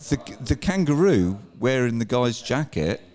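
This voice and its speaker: A man's voice: medium pitch, big pitch swings, a little slow, darkish tone. A man from England in casual chat, telling rambling, sweary anecdotes and laughing as he goes. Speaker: guest. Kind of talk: casual bar chat, storytelling.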